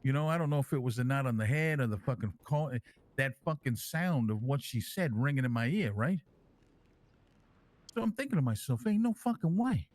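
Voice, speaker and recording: A medium-pitched male voice, fairly quick and close to everyday speech, with no echo. The man plays a brash, foul-mouthed, crude crime-family boss who calls himself king, speaking in character in an online role-play. Boastful and rambling, he swears constantly while staying lively and animated.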